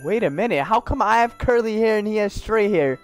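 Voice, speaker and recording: A young man riffs casually over his gameplay, tossing slang and jokes at the characters on screen. His voice sits high and comes through smooth and clean. The sound is close and dry, with faint music underneath. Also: lively intonation, brisk. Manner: slangy, joking, talks to his game characters. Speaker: gaming YouTuber.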